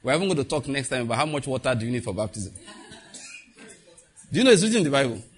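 A man preaching a sermon in a church, lively and conversational, asking the congregation questions. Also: medium pitch, very fast. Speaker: pastor.

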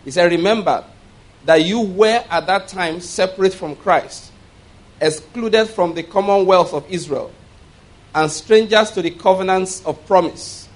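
A male pastor preaching, reading scripture slowly with emphasis and having the congregation repeat key words. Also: high-pitched. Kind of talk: sermon. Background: congregation responding.

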